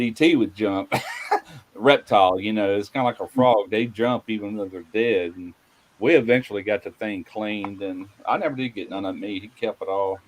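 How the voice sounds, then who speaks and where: A man's voice: fairly low pitch, a little hiss or hum, rough recording. A man from Mississippi, telling rambling stories in a casual chat, full of "anyway" and "you know.". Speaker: podcast host.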